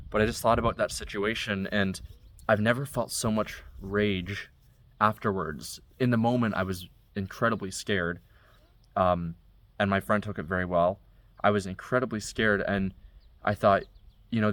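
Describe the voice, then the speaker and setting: A man's voice: on the low side, a bit bright, slight background noise. A young man casually telling a story from his own life, step by step, in a conversational way. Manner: conversational, recounting events step by step. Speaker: vlogger.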